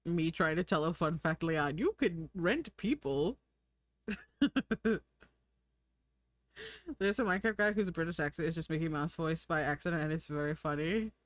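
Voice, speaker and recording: A woman's voice: deep voice, normal speed, long pauses, no echo. A young woman streaming, chatting casually and giggling while she draws and reads chat. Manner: chatty, giggly, thinks aloud.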